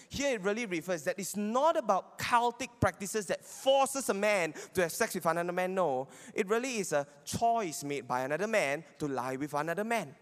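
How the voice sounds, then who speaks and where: A man's voice: high voice, expressive, brisk, few pauses. A man giving a teaching sermon, arguing his points and checking in with listeners. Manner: argumentative, often asks listeners "right?". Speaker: Bible teacher. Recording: long hall reverb.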